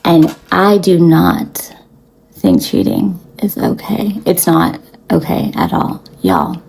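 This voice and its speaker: Blunt, swearing woman with a gravelly low voice. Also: sing-song, slow, darkish tone, rough recording. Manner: blunt, profane and preachy, with many fillers. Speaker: spiritual reader. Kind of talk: casual spiritual talk to viewers.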